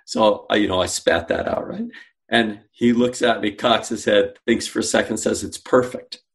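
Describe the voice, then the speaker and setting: A man's voice: lowish voice, steady tone, normal speed. A man, a guest on an interview, telling a story and acting out the dialogue he quotes. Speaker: guest, sales company founder.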